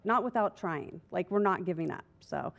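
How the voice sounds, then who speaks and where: A woman's voice: fairly low pitch, expressive, moderate pace, gravelly, highs cut off. A woman school board member and delegate giving a frank, determined report at a public board meeting, often restarting her sentences.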